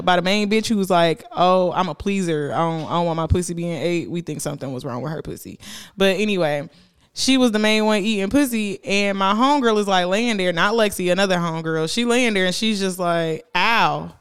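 A woman's voice: mid-range voice, fairly quick, clear, resonant tone. A young woman co-hosting a casual, explicit podcast chat, telling stories with lots of laughter and acting out her friends in quotes. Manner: animated storyteller, voices friends in quotes, laughs often. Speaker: podcast co-host.

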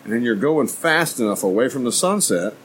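A podcast co-host laughs his way through graphic, joking gross-out stories in casual chat. His voice is mid-range and fairly bright, brisk with lively intonation, and the audio is poor with slight background noise.

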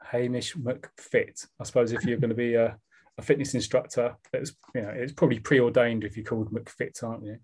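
A man's voice: medium pitch, level tone, fairly quick, darkish tone, a little hiss or hum. Rambling South East London man. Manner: rambling, with fillers and restarts. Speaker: podcast co-host. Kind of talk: casual chat.

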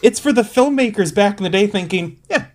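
A man with a nasal voice co-hosting a casual comedy podcast, making wry deadpan jokes. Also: high-pitched, brisk. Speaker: podcast co-host.

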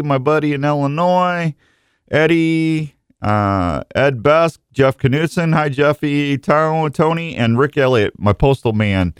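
In a radio station studio, a middle-aged man hosts a casual morning show, rambling, joking, and mocking himself with plenty of restarts. His voice is a little high, clear, and resonant, with studio-quality sound and no room noise.

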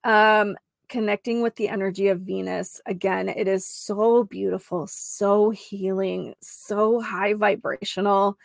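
A woman hosts a spiritual healing podcast in a gentle, chatty manner, with fillers and little laughs along the way. Her voice has a gravelly fry at a middle pitch. The sound is close and dry, with no room echo. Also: steady tone, unhurried. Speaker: podcast host and Reiki practitioner. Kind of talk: casual spiritual podcast talk.

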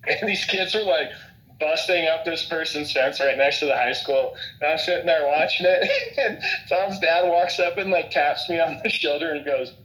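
Chuckling, profane man with a slightly high voice. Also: normal speed, fairly bright tone, echoey room, rough recording. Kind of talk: casual storytelling chat.

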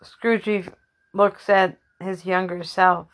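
Lady making up a funny story as she goes, slow, fixes her words a lot. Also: lowish voice, flat delivery. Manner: loose, with restarts and self-corrections. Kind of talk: improvised comic storytelling.

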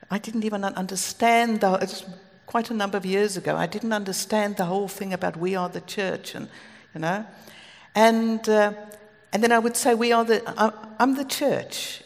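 A South African woman preaching a sermon, telling stories earnestly with asides. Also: mid-range voice. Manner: earnest, storytelling, with asides and light laughs. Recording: long hall reverb.

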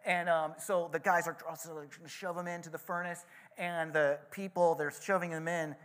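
A man preaching a sermon in a slightly high voice, chatting through the story with casual asides. His tone stays conversational and relaxed. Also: moderate pace. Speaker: pastor.

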